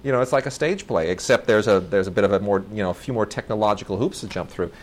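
A man's voice: lowish voice, quick pace, a little hiss or hum. A man co-hosting a casual movie review chat, enthusiastic and rambling, often restarting and correcting himself mid-sentence. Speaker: film review co-host.

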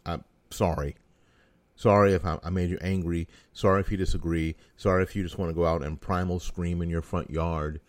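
A middle-aged man talks in a very low, deep voice, blunt and sarcastic with a folksy edge. He is an American talk show host riffing through an opinion monologue. The sound is dry and close, with no room around it. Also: steady tone, brisk, no room sound.

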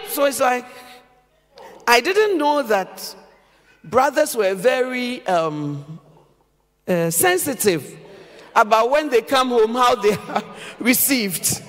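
A woman pastor preaching a sermon at a church service, animated and humorous, often exclaiming to the congregation. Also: on the high side, slow, pauses often. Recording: long church hall reverb.

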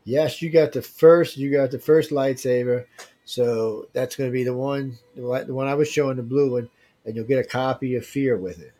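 On a casual livestream giveaway, the host reads viewer emails aloud and ribs them in loose slang. He speaks at normal speed in a warm, medium-pitched voice with fairly even intonation.

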